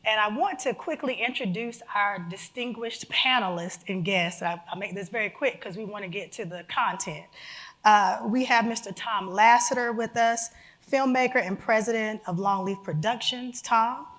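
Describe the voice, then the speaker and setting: A woman's voice: medium pitch, normal speed, fairly bright tone. Upbeat woman moderating a panel. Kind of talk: live panel introduction. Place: museum auditorium.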